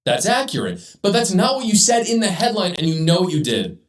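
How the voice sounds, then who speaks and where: A man's voice: high-pitched, sing-song, brisk, reverberant, distant mic, rough recording. A male commentary host reading out news stories and tearing into them with heated, indignant rants.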